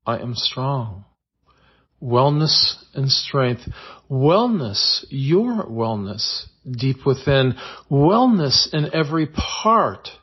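A man hosting a daily guided visualization, leading the listener through breathing and affirmations in a slow, calm, repetitive manner. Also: mid-range voice, slightly rough, lo-fi sound. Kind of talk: guided meditation.

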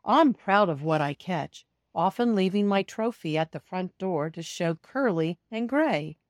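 Slow, expressive woman reading a children's story. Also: fairly low pitch, no room sound, clean studio sound. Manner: slow, expressive storytelling that talks to young listeners. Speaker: storybook reader. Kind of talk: children's story read aloud, first person as a cat.

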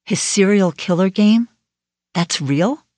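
A woman's voice: mid-range voice, lively intonation, takes it slowly, darkish tone, no room sound. A woman narrator voicing a brusque woman FBI agent in an audiobook, in a clipped, blunt manner. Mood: probing. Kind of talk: audiobook character voice.

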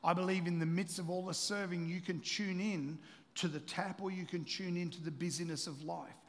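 A man preaching a sermon, impassioned and repetitive, building to loud emphatic peaks. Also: sits high, steady tone, moderate pace. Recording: long hall reverb.

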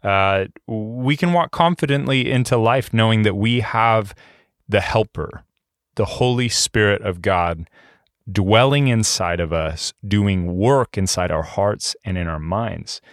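Low-voiced man preaching casually. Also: unhurried, no echo, clean studio sound. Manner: conversational preaching with many fillers and restarts. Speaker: pastor. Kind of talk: sermon.

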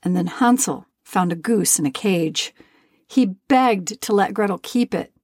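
Gravelly woman reading a fairy tale. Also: medium pitch, unhurried, a little mellow, no room sound, studio quality. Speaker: storyteller. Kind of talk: storybook narration.

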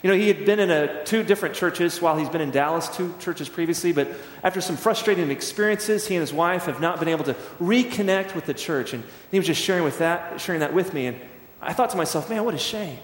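A man's voice: a little high, fast, hardly any pauses. A middle-aged man preaching a sermon as pastor, telling stories in a conversational way and acting out scenes. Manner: conversational storytelling, acts out scenes. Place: church sanctuary. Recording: echoey church hall.

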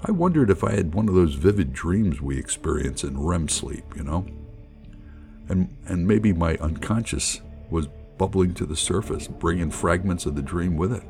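A middle-aged man telling a personal story in an animated, colloquial, jokey way. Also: low-pitched, normal speed, vocal fry, faint music behind. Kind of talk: personal anecdote narration.

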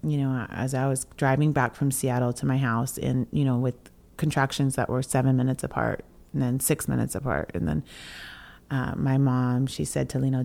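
A low-voiced young woman shares a personal story on a podcast, in a relaxed, chatty way. She is animated and breaks into laughter between phrases, acting out what others said. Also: normal speed, vocal fry. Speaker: podcast co-host. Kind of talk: casual storytelling chat.

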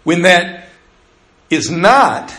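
A male pastor preaching in a conversational way, his voice fairly high for a man. He slows and quiets down to drive points home. The sound carries the echo of a roomy church. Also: very animated. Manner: conversational preaching that drops to slow, quiet emphasis. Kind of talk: sermon. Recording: echoey room.

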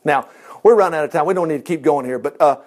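A man teaching a Bible lesson in an animated way, chuckling and making chatty asides. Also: a little high, fast talker.

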